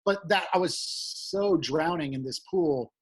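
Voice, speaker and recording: A man, a comedian guest, telling a long road story in casual chat, profane and animated, shouting out the lines he quotes. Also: a little high, unhurried, breathy edge.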